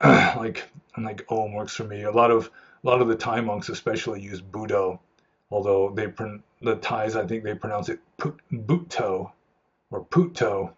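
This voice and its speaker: Husky low-voiced man rambling through answers. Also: little pitch movement, normal speed, lo-fi sound. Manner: rambling with frequent restarts and fillers. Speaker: monk answering viewer questions. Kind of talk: unscripted Q&A talk.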